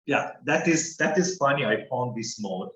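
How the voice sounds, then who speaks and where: A man, a guest telling a story in halting English full of fillers over a video call. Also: mid-range voice, expressive, a bit bright, reverberant, low-quality recording. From Iran. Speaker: guest author. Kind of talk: interview storytelling.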